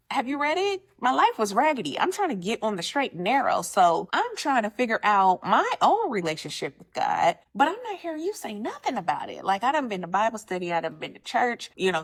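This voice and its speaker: A young woman tells a personal dating story straight to her audience in a loose, slangy way. Her voice sits in a middle range, and it jumps up high whenever she acts out what someone said. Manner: animated, slangy, jumps pitch when quoting people. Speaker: vlogger telling a dating story. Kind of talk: casual storytelling.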